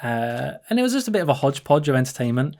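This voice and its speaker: Chatty male host, mid-pitched, rambling and laughing as he tells stories. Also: very animated, very fast, darkish tone. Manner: chatty, laughs often, many restarts. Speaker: channel host. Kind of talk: rambling casual storytelling over gameplay.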